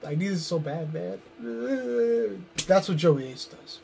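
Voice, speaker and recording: A man delivering a long wrestling promo as a pro wrestler, brooding and intense, with sudden loud bursts, sounding tired and drained. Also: on the high side, unhurried, creaky, soft background music.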